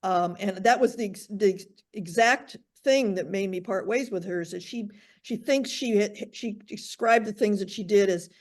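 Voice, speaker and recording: A woman's voice: mid-range voice, moderate pace, darkish tone. Hesitant woman trainee sharing a view. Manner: hesitant, restarts often. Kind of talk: group discussion comment.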